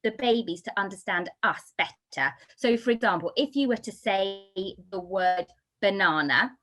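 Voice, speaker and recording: A woman from the United Kingdom giving a talk on baby sign language, explaining with lively, sing-song emphasis. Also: mid-range voice, moderate pace. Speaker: baby signing instructor. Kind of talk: talk to an audience.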